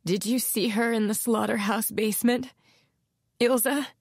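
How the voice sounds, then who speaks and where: A woman's voice: fairly high pitch, steady tone, normal speed, no echo, clean studio sound, pitched above the performer's own voice. A woman narrator voicing a grief-stricken young woman who screams in rage in an audiobook. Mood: dazed. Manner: screaming, near-hysterical. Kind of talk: audiobook character voice.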